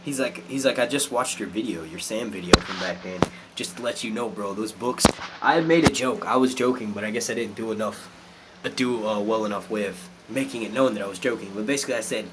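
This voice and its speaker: A man hosting a casual live stream, animated and swearing a lot as he reads out chat comments. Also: on the low side, fairly quick, background noise. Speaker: youtube live stream host.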